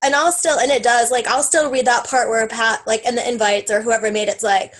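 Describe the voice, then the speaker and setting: A woman with a fairly high voice shares her own story in a loose, chatty way, thick with fillers and quoted self-talk. She sounds tearful as she speaks. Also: fairly even intonation, a little fast, low-quality recording. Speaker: team member sharing her story. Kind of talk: emotional casual testimony.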